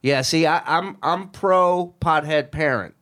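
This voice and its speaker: A man in his thirties or forties telling a profane story in casual chat, deadpan, acting out the people he quotes. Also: on the high side, a little slow.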